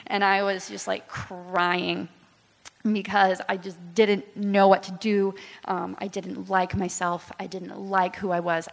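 Young woman, twenties, church testimony, candid and halting, mid-pitched, reverberant hall. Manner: candid, halting, many fillers. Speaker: church speaker giving testimony.

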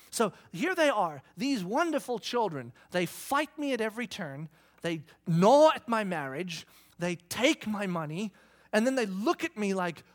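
A middle-aged man preaching a sermon in church, animated, acting out arguments in raised voices. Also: high voice. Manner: animated, acts out quarreling kids in a shouting voice. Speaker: pastor.

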